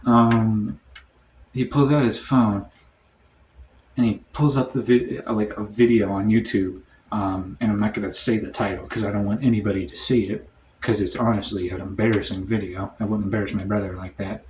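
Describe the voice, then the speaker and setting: A man telling a comic story in a rambling, deadpan way, full of "like" and "um". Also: lowish voice, moderate pace, a little hiss or hum. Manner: rambling, heavy on "like" and "um". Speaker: storytime comedian. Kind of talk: comedic storytime monologue.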